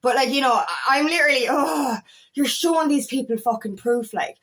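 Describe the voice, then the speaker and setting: A woman talks straight to her audience as an empowerment coach. Her voice sits a little high. She is blunt and heated, swears freely and fills gaps with "you know.". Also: fairly quick, fairly bright tone. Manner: blunt and heated, swears often, frequent fillers. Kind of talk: casual motivational talk to camera.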